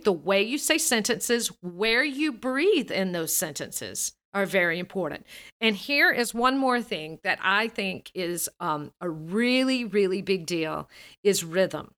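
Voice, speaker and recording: Bright, animated woman vocal coach. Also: medium pitch, slow. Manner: animated and expressive, laughs often. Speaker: singing and speaking coach. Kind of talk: casual interview talk.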